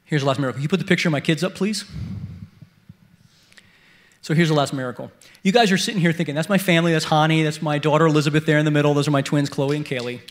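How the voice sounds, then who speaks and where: A middle-aged man preaching a sermon at a church service, telling stories in an animated way and swinging between loud bursts and hushed prayers. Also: fairly high pitch, fast talker, pauses often. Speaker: guest preacher.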